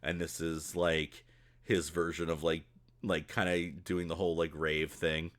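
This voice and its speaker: A man's voice: sits low, little pitch movement, unhurried, fairly bright tone. A man narrating a tabletop game as game master, often laughing as he describes scenes.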